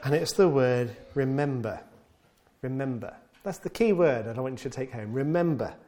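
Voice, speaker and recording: A man's voice: mid-range voice, expressive, moderate pace, mellow. A man preaching a sermon, stressing key words by repeating them and voicing the psalmist's pleas in a raised, pleading tone. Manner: repeats key words for emphasis, occasional stumbles.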